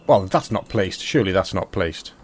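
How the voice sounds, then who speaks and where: A man's voice: deep voice, expressive, moderate pace, slight background noise. A man giving casual commentary while playing a farming game, chatty and thinking aloud to himself. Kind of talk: casual let's-play commentary.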